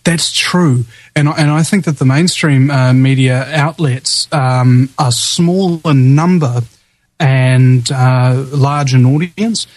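A man's voice: mid-range voice, takes it slowly, a little mellow, no room sound, low-quality recording. A man with a New Zealand accent hosting a talk radio show, rambling with many fillers and restarts. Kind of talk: casual talk radio interview.

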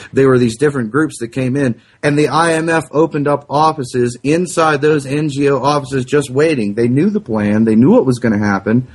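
A man hosting a casual political chat, talking in an animated way with sarcastic jabs. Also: medium pitch.

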